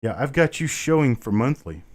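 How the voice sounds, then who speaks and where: A man's voice: mid-range voice, sing-song, moderate pace. A middle-aged man hosting a live coin auction stream, casually chatting with viewers and answering their comments by name. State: a bit winded.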